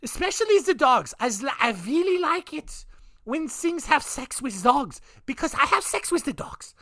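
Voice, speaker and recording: A drunk man voicing a giddy, overeager male pervert in a high, squeaky voice. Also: sing-song, moderate pace, sharp tone, dry recording, heavily acted.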